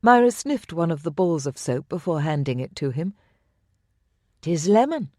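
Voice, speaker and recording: Narrator reading a novel, calm and intimate, close mic, dead dry room. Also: mid-range voice, brisk, no room sound. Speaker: audiobook narrator. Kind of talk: scripted narration.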